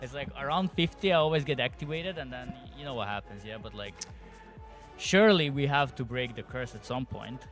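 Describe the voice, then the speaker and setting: A man's voice: mid-range voice, lively intonation, a little fast, fairly bright tone, soft background music. A young man chatting on a livestream, hesitant and rambling, often addressing chat. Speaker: streamer.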